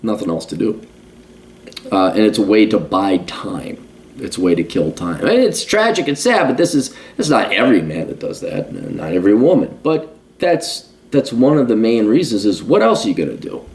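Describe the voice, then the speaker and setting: A man in his late forties delivering a blunt, profanity-laced rant as a podcast host. His voice swings widely in pitch, jumping high when worked up and dropping low and quiet, in a loose, casual monologue. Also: big pitch swings, a little fast. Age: 40s.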